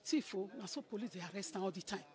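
A woman's voice: mid-range voice, quick pace, a little mellow. A middle-aged woman with a Nigerian Pidgin English accent, giving an emotional spoken testimony and acting out what others said to her.

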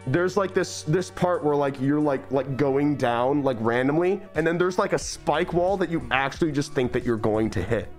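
A man's voice: fairly high pitch, normal speed, few pauses, faint music behind. A young man hosting a stream, chatting enthusiastically and rambling with lots of fillers. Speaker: streamer host. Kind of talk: casual stream chat.

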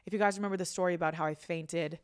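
A woman's voice: on the low side, steady tone, racing, clear, resonant tone. Swearing woman telling a wild story. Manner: swears freely, says "dude" often; rambling with restarts. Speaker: podcast host. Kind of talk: casual storytelling chat.

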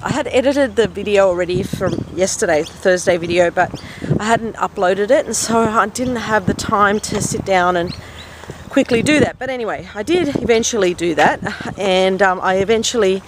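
A woman talks into her camera while strolling past a pond, rambling and chatty with plenty of fillers. Her pitch sits in the middle of the range, and the outdoor noise behind her comes through clearly. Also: moderate pace. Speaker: vlogger. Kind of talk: casual walking vlog. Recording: noisy outdoor recording.

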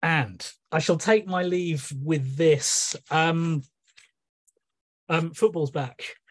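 A man's voice: fairly high pitch, extremely slow, dry recording. A man reading his own poems at an online meeting from a room at home, with casual, hesitant asides full of ums between pieces. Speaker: guest poet reading his work. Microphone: video call.

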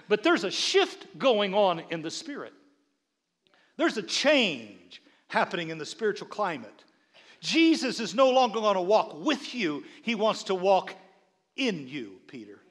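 A middle-aged male pastor preaching with a high, lively voice that swings up and down as he tells a story. He stumbles and repeats words while he builds up, and now and then acts out his wife's lines. His voice rings out with a long echo through a large church hall. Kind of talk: sermon with humorous storytelling.

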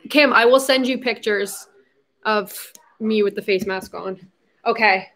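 A woman's voice: medium pitch, measured pace, fairly bright tone. A young adult woman hosting a casual livestream, chatty and giggly, slipping into baby talk with her puppy. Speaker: livestream host.

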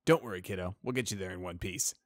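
A friendly stallion sergeant, voiced by a man reading a storybook, jovial and teasing. His voice is low and easygoing. The recording is dry and close. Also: fast talker, no room sound, close to an everyday voice.

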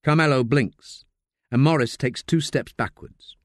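A man narrating a crime novel audiobook, with expressive storytelling, at a studio mic. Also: medium pitch, unhurried, no room sound. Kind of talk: scripted narration.

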